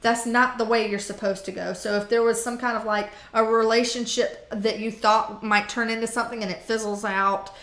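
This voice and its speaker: A woman's voice: on the high side, steady tone, normal speed, few pauses, fairly bright tone, echoey room. A woman doing a casual tarot reading for the zodiac signs, talking in a chatty, blunt way with fillers, swearing and laughter. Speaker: tarot reader.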